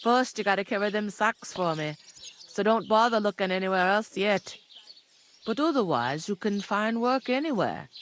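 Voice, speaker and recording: A woman voicing a brisk, no-nonsense village tavern keeper in a video game. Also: lowish voice, a little hiss or hum. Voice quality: blunt, no-nonsense.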